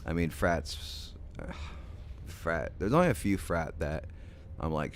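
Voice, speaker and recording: Drowsy, gravelly-voiced man streaming late. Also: deep voice, very animated, slow pace, slight background noise. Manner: rambling, hesitant, many ums and restarts. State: sleepy, yawning late at night. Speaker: game streamer. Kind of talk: casual livestream chat with viewers.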